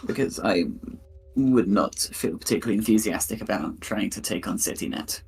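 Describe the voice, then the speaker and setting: Man, low pitch, dry wry humor, tabletop player. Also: moderate pace, creaky, a little mellow, soft background music. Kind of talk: casual tabletop play chat.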